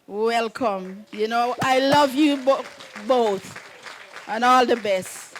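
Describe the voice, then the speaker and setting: High-voiced mother, rambling fondly. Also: takes it slowly, a crowd in the background, background noise. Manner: meandering, keeps saying "anyways", laughs often. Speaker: groom's mother giving a wedding message. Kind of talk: rambling personal storytelling.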